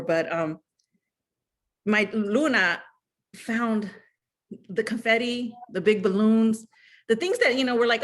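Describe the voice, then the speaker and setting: A woman in her thirties or forties telling a personal story in a chatty, animated way, full of fillers and asides. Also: a little high. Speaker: guest sharing fan memories. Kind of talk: casual storytelling chat.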